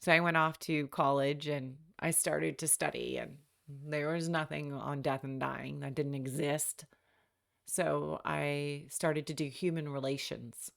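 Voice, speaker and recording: A woman's voice: low voice, little pitch movement, a little slow, creaky. A middle-aged woman hosting a podcast, telling a personal story in a reflective, wry way and acting out the people she quotes. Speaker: podcast host.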